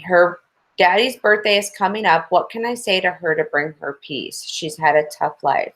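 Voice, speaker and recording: A woman's voice: on the low side, fairly even intonation, moderate pace, a bit bright, low-quality recording. Woman reading listener questions aloud. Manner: reads messages aloud, spelling names.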